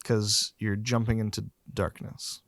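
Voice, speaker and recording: Guy running a tabletop game, slow and unhurried, dry close sound. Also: on the low side, level tone, fairly bright tone, no echo. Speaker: game master.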